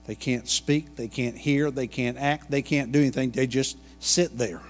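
A man's voice: medium pitch, steady tone, moderate pace. Folksy male pastor in a reverberant church. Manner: folksy storytelling, asides and jokes. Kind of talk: sermon. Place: church sanctuary.

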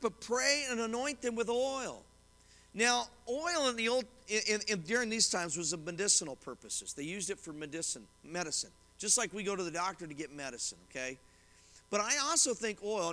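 A middle-aged male pastor teaching a sermon from scripture and commentaries, quick and conversational with reassuring asides to his congregation. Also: fairly high pitch, sharp tone. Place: church sanctuary. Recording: reverberant church hall.

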